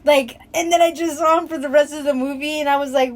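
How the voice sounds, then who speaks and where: A young woman hosting a casual podcast chat, excitable and laughing often, swearing freely. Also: high-pitched, fairly quick, few pauses. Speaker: podcast host.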